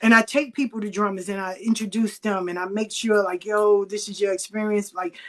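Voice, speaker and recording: A middle-aged woman telling stories in a casual, animated chat, acting out the voices of the people she quotes. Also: medium pitch, fairly quick.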